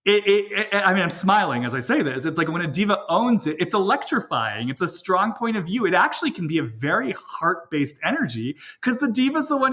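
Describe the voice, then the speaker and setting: Male podcast host, slightly high voice, musing casual talker who thinks out loud. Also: big pitch swings, a little fast, hardly any pauses. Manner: reflective, thinks aloud with many "like" and "you know". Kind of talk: casual chat.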